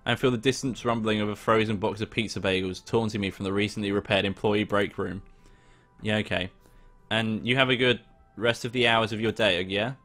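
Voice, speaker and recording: A man's voice: lowish voice, fairly even intonation, fairly quick, fairly bright tone. A young man reading a visual novel aloud with casual, joking commentary, now and then swearing. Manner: casual, swears, laughs at himself. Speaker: let's play host. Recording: faint background music.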